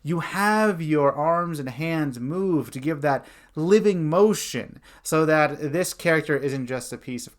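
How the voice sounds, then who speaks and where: A young man as host and dungeon master, giving an animated lesson on character voices and demonstrating them. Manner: animated, shifts pitch and loudness to demonstrate voices. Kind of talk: instructional talk with voice demonstrations.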